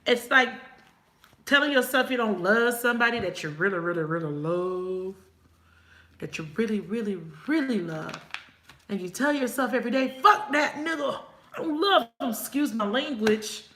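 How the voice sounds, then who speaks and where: A woman's voice: mid-range voice, lively intonation, moderate pace, fairly bright tone, echoey room, slight background noise. A woman reading tarot cards in a casual live chat, swearing now and then and laughing often as she talks to viewers. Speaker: tarot reader.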